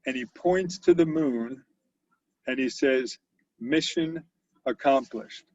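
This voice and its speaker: Gravelly-voiced man in his sixties. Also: medium pitch, slow pace, darkish tone, dry recording. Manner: anecdotal, conversational, with frequent fillers and restarts. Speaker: company CEO, interview guest. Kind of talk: storytelling in an interview. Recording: dull lo-fi audio.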